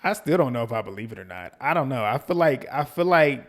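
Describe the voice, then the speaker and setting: A man with a Southern twang from North Carolina talks through a reality show episode like he's telling a friend. He is chatty and gossipy, and he jumps into quick voices when he quotes the cast. His voice sits at an everyday middle pitch. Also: lively intonation. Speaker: reality TV recap host. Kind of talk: casual recap and commentary.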